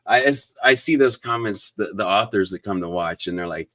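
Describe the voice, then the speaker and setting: A man's voice: on the low side, moderate pace, few pauses. A man hosting a live book interview, effusive and enthusiastic, thanking viewers between questions. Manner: enthusiastic, effusive, many fillers and shout-outs. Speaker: booktube interview host. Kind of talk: live-stream interview chat.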